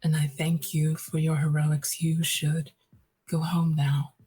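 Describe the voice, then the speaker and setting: A woman voicing a regal empress who speaks in a measured, authoritative way with a husky voice. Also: deep voice, little pitch movement, warm tone, exaggerated voice. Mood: commanding. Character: regal empress, composed and dismissive.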